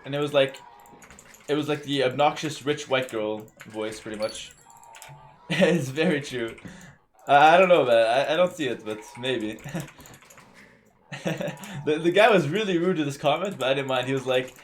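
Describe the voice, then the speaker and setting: A young man from South Carolina streaming a game, talking casually with viewers in a relaxed, rambling way and often repeating words. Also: medium pitch, normal speed, long pauses, slight background noise. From South Carolina, USA. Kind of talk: casual live-stream chat.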